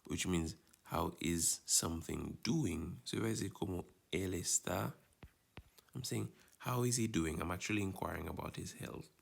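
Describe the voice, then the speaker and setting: A man's voice: low voice, moderate pace, gravelly. A man teaching a Spanish lesson, explaining patiently and checking in with his students as he goes. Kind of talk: recorded lesson walkthrough.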